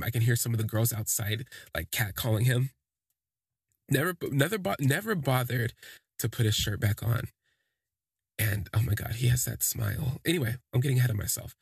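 Guy telling a story all loose and rambly, gravelly husky voice, dry close sound. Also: medium pitch, no echo. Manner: rambling, full of "like" and "you know". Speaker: podcast storyteller. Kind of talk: casual first-person storytelling.

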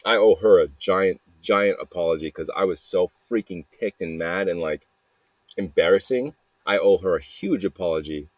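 Deep-voiced man rambling in a dry recording. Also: no echo. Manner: rambling and repetitive, peppered with "man" and "dude", profane. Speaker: podcaster sending a voice message. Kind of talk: casual rambling confessional monologue.

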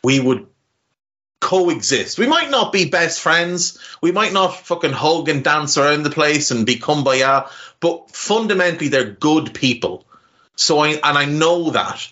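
Man, Navan Irish accent, rambling casual podcast host, sharp edgy tone, muffled recording. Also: fairly high pitch, lively intonation, a little slow. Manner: rambling, heartfelt, swears casually.

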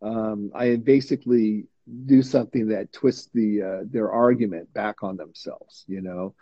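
A man's voice: fairly low pitch, fairly even intonation, unhurried, mellow, slightly rough, dry recording, highs cut off. A man chatting casually as a guest, dry-humored and reflective. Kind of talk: casual chat.

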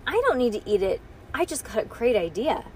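A woman's voice: a little high, big pitch swings, fairly quick, a little mellow, a little hiss or hum. A woman reading as a bold, scheming little girl. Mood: eager. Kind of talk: reading aloud to a child.

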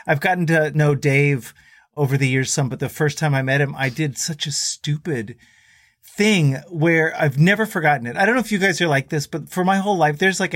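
A man guesting on a podcast, telling road stories in a casual, animated way and acting out the voices of people he quotes. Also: a little high, dry recording, clean studio sound. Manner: animated storyteller who acts out quoted voices.

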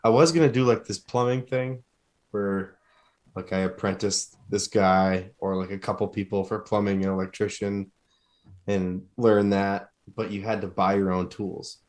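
A man co-hosts a podcast in loose, laid-back talk, swearing now and then. His voice sits on the low side. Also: fairly even intonation, moderate pace, darkish tone. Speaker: podcast co-host. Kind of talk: casual chat.

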